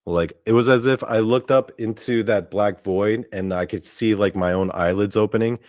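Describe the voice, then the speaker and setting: A young man with a lowish voice tells a long story in loose, casual talk, stacking fillers and the odd curse as he goes. The sound is dry and close, with no room around it. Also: moderate pace, a little mellow, dry recording. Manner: rambling, full of "like" fillers and cursing. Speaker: podcast host.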